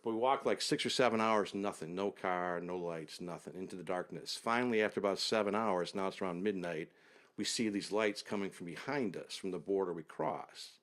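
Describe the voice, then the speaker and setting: A man telling a long travel story as an interview guest, unhurried and detailed, often trailing off low. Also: fairly bright tone.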